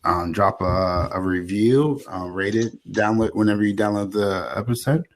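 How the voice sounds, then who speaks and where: Deep-voiced, halting male podcast host. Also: fairly even intonation. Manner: halting, self-deprecating, trailing off. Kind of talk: casual chat.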